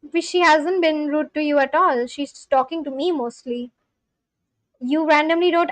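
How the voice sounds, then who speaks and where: A woman's voice: high voice, a little slow, long pauses, no echo. A young woman livestreamer chatting casually with viewers, talking back to chat with loose, filler-heavy speech. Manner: talks back to chat, scolding and reassuring.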